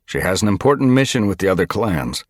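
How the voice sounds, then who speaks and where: A man's voice: on the low side, very animated, quick pace, dry recording, clean studio sound, voice pushed up. A man voicing a firm, determined male cat who leads his clan, in an audiobook. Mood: insistent. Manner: firm, insistent. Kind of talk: audiobook character voice.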